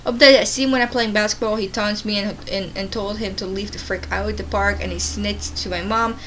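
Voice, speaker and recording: A woman's voice: medium pitch, steady tone, noisy background. A woman reading online stories aloud, stumbling and restarting words as she goes. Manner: halting reading with frequent restarts. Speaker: story narrator.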